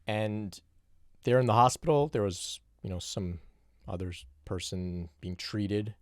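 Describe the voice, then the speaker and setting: A man with a deep, low-pitched voice answers viewer questions on his own, talking in a reflective, unhurried way. He often restarts his sentences and drops in "you know" as he thinks aloud. The recording is dry and close, with no room sound. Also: no echo. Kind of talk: solo Q&A monologue.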